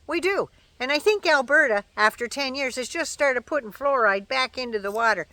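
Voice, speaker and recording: An older Canadian woman chats casually to camera outdoors at home in the shade, folksy and opinionated with dry asides. Her voice is on the high side and fairly bright at normal speed, with no room sound.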